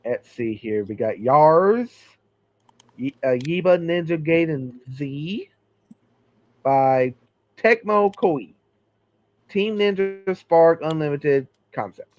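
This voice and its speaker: Slow-talking man listing games. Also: on the high side, expressive, dull audio. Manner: reads game lists slowly with many fillers. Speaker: podcast host. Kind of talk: casual chat.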